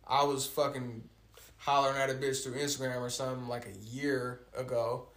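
A man's voice: mid-range voice, flat delivery, fairly bright tone. Blunt, foul-mouthed man in an echoey room. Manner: blunt, heavily profane, drawn-out storytelling. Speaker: podcast co-host. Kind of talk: casual chat. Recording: roomy echo.

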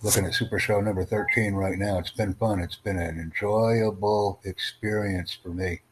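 With a fairly low, fairly even voice at a moderate pace, this US livestream podcast host rambles repetitively with callers and keeps promoting himself. The background is noisy.

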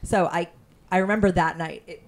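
A woman's voice: fairly low pitch, fairly even intonation, a little fast. A young woman co-hosting an interview, chatty and asking long questions. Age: young adult. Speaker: podcast co-host. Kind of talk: casual interview talk.

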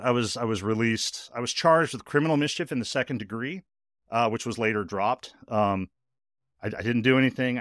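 A man hosting a podcast tells a personal story in a loose, chatty way, often rushing ahead and filling gaps with "like". His voice sits in an ordinary middle pitch. It is recorded close and dry, with no room sound. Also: no room sound. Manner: animated, speeds up in bursts, heavy use of "like". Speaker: podcast host. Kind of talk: casual storytelling.

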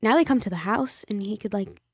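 A woman co-hosting a podcast in casual chat, telling stories with lively acted-out quotes. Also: mid-range voice, a little fast, breathy edge, no echo, studio quality. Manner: animated storyteller acting out quoted voices. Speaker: podcast co-host.

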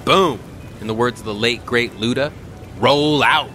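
A man's voice: mid-range voice, measured pace, bright, forceful tone, a little hiss or hum. A man voicing an eager young guy pushing his friends to move.

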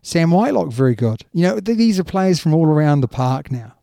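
A man's voice: a little high, big pitch swings, a little fast, creaky, mellow, no room sound. A man co-hosting a casual rugby chat, emphatic and chatty, often dropping in yeah and you know. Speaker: rugby podcast co-host.

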